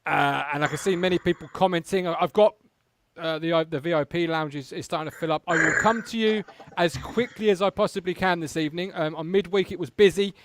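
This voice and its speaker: A man hosting a live football fan show, chatty and relaxed, bringing in callers over a video call. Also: on the high side, fast talker, a little hiss or hum. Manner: relaxed, chatty, laughs along. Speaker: host.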